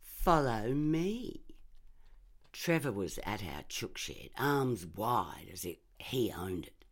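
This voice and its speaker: A woman reading a first-person short story aloud in a measured, expressive way. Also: a bass voice, breathy edge.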